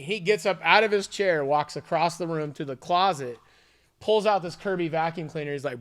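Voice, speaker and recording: Man, podcast co-host, animated storyteller, swears a lot, slightly high voice. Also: normal speed. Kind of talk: casual storytelling chat.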